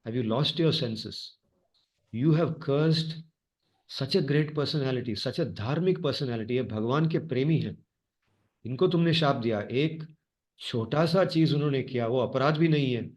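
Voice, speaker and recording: A man's voice: medium pitch, racing, a little mellow, natural voice. A man voicing an old sage who reproachfully scolds his son. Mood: scolding.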